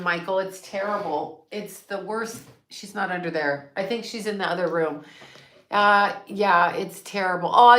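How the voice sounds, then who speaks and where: A woman's voice: medium pitch, pushed and bright, roomy sound. A woman in her sixties hosting a casual livestream, reading viewer comments and chatting candidly, swearing freely and laughing often. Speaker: psychic and astrologer livestream host.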